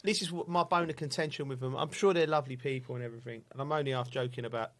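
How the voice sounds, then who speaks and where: A man's voice: mid-range voice, fairly even intonation, rapid-fire, fairly bright tone. A man chatting casually as a football pundit, telling stories and laughing often. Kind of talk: casual banter.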